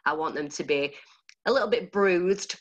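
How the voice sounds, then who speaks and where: Lower-voiced Yorkshire woman, dance studio owner; gushing, animated interviewee who laughs easily. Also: moderate pace, lo-fi sound. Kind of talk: enthusiastic interview answers.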